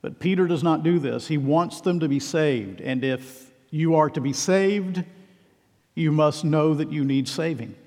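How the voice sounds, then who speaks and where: A man delivers an earnest, emphatic sermon and presses pointed questions on his listeners. His voice sits a little high for a man. A long reverb trails behind his words, as in a large hall. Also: a little slow, darkish tone. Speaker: preacher.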